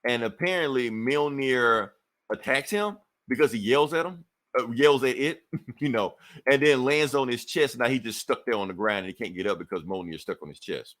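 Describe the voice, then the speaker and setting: A man's voice: mid-range voice, moderate pace, fairly bright tone. Man, podcast co-host, casual comic recap, profane, laughs often, mid-range voice. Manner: loose, profane storytelling with frequent laughs.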